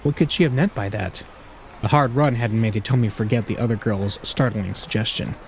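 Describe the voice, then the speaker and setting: A man's voice: lowish voice, a little fast, a little hiss or hum. A man hosting a let's play, reading a visual novel aloud with casual, jokey asides.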